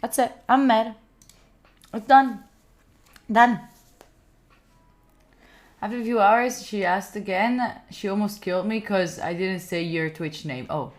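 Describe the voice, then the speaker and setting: On a study live stream, a young adult woman from Italy talks with her viewers in a relaxed, playful way, her Italian accent clear. She speaks slowly at a medium pitch, leaving long pauses. Her manner is chatty and mock-indignant, full of fillers.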